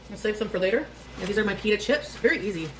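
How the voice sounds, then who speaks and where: A woman's voice: medium pitch, lively intonation, racing, slight background noise. A woman talking to her viewers while she cooks in a home kitchen, chatty and casual. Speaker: cooking vlogger. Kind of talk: casual cooking vlog.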